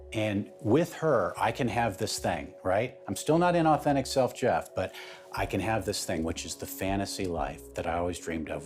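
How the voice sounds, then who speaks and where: Male guest, lowish voice, emphatic personal storytelling, soft music underneath. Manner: emphatic, builds in intensity. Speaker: interview guest.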